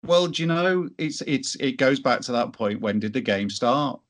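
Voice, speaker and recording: A man's voice: medium pitch, animated, moderate pace, a bit bright. A man telling a business story as an interview guest, in a chatty way with many restarts. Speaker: entrepreneur guest.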